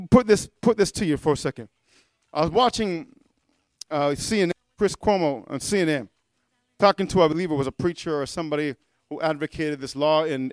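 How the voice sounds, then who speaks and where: A man preaching a fervent sermon, often calling out "amen?" and sometimes shouting. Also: sits high, no room sound, studio quality. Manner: fervent, punctuates with "amen?" and "hallelujah"; rises to shouting at times.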